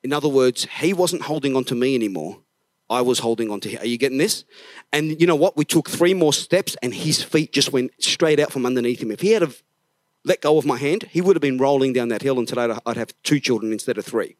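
A middle-aged man preaching a sermon in a church service, emphatic, dropping to a hush and then rising, now and then singing a line of a song. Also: medium pitch, a little fast, no room sound. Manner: emphatic, swings from hushed to raised, sings snatches of songs. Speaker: pastor.

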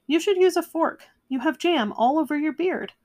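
A woman's voice: sits high, expressive, normal speed, pitched above the performer's own voice. A woman doing a fussing old grandmother. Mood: fond. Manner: warm, fussing, chatty. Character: kindly 97-year-old grandmother, half-deaf. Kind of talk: storybook read-aloud.

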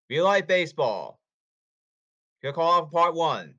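A podcast host launches into an agitated, repetitive, scolding rant in a slightly high, very animated voice with a sharp tone. He keeps a measured pace, and the recording sounds muffled.

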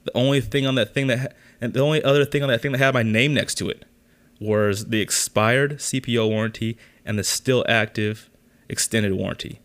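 A man's voice: mid-range voice, fairly even intonation, fairly quick, a bit bright. A young man hosting a podcast, telling a story in a casual rant, exasperated and full of swearing. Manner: exasperated, profane ranting. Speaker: podcast host.

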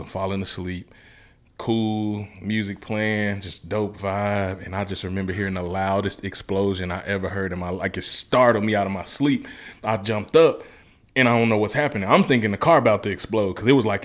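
Low-voiced man telling a story. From Memphis, Tennessee. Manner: earnest, colloquial, vivid retelling. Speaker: guest. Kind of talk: personal storytelling.

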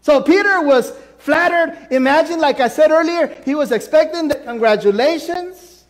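A pastor preaching a sermon, emphatic, swinging his pitch and volume up and down. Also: normal speed, hardly any pauses, in a large hall.

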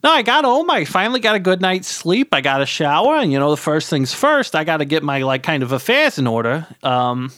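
A man's voice: fairly high pitch, very animated, a little fast, few pauses, a bit bright, dry recording, studio quality. A middle-aged man telling a rambling comic story as a podcast guest, stumbling over repeated words and tagging his lines with "right?".

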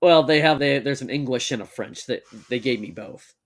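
A young man co-hosting a casual chat, joking and laughing often, and reading text aloud at a measured pace. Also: mid-range voice. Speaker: podcast co-host.

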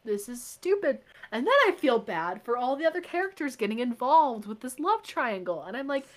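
A woman's voice: sits high, sing-song, a little fast. A young woman co-hosting a casual book podcast, reading passages aloud and reacting with exasperated sighs. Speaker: podcast co-host. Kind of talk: casual book club chat.

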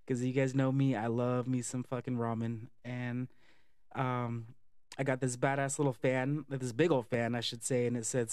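A man's voice: mid-range voice, no echo. Guy vlogging about his day, swears a lot, says um and like, dry sound. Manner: chatty, profane, animated, lots of "um" and "like". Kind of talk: casual storytelling vlog.

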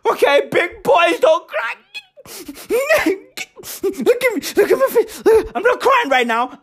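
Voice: high voice, sharp tone, exaggerated voice. A woman doing a manic, teary male politician. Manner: profane, manic ranting with forced laughter.

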